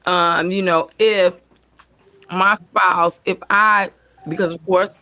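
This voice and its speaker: A woman hosting a relaxed panel chat in a slightly low voice. She talks slowly, winding through her thoughts with lots of fillers and restarts.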